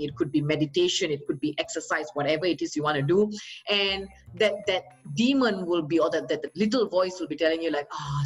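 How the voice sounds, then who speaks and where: Upbeat woman motivational trainer, low pitch. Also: poor audio. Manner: upbeat, coaxing, rhetorical questions to the audience. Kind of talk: motivational talk.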